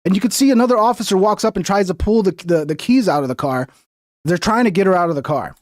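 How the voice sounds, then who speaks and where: A man giving heated, profane livestream commentary over video clips, mocking opposing views in a high voice. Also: animated, fast. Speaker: political commentary streamer.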